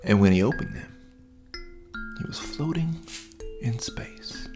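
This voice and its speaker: A man narrating a children's bedtime story in a relaxed, improvised way, with restarts. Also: mid-range voice, slow, over music. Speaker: storyteller and podcast host.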